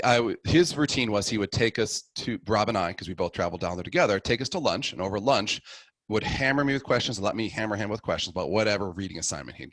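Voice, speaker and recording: In a low-pitched voice on a dry recording, a middle-aged man on the show shares his conversion story casually and energetically, acting out all the people who figure in it.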